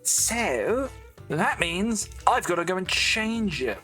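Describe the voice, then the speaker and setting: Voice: mid-range voice, very animated, slow, pushed and bright, faint music behind. A YouTuber with an English accent gives casual, rambling gameplay commentary at home, full of fillers and self-mocking asides. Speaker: Minecraft YouTuber. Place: home room with a fan running.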